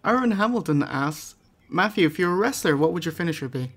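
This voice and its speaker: A man's voice: a little high, animated, brisk, fairly bright tone. An Irish man hosting a podcast, reading out listener questions and bantering casually with a guest. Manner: casual, joking, swears. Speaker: podcast host.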